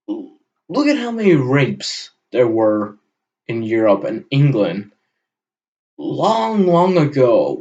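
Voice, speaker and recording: A man delivering a heated, profane solo rant with sudden loud bursts. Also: mid-range voice. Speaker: channel host. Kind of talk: solo ranting monologue. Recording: dull lo-fi recording.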